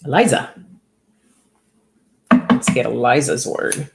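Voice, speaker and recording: A woman's voice: rumbling low, lively intonation, takes it slowly, vocal fry, heavy background noise. A woman giving casual oracle card readings to viewers by name, chatty and upbeat, laughing often.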